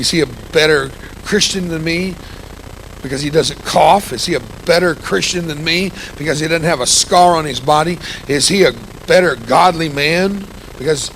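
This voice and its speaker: A man in his sixties with a gravelly, grumpy-sounding voice, giving an impassioned, folksy testimony sermon with humor as a church guest speaker. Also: fairly high pitch, a bit bright, a little hiss or hum, poor audio. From United States. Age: 60s. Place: church sanctuary.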